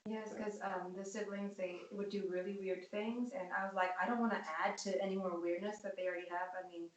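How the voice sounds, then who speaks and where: A woman's voice: mid-range voice, flat delivery, brisk. Co-host, female, mid-range voice, earnest storyteller, echoey room. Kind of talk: casual discussion. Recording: roomy, distant mic.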